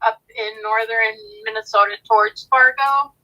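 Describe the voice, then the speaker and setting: A woman off to the side of a live show, chiming in with quick joking remarks. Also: on the high side, fairly even intonation, sharp tone, lo-fi sound.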